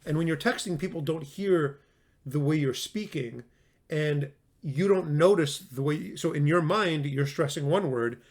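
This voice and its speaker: A man with a slightly higher voice teaches a recorded class in an easygoing, conversational tone. He leans hard on single words to make his point and breaks off to restart sentences as he goes. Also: unhurried. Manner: conversational, emphatic, with frequent restarts. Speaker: lecturer.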